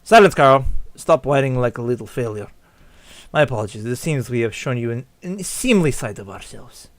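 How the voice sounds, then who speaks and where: A man's voice: medium pitch, lively intonation, moderate pace, pitched below the performer's own voice, lightly acted. A man voicing a cold, stern father with a put-on Russian accent and clipped, broken grammar.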